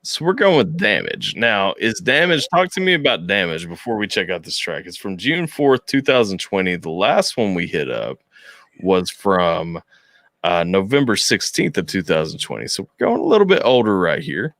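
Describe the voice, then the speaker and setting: A young adult male host chatting loosely on a livestream, jokey and self-mocking. His voice swoops high and low as he talks. The sound is close and dry, with no room around it. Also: normal speed, no echo. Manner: animated, joking, self-deprecating. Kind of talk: casual livestream interview chat.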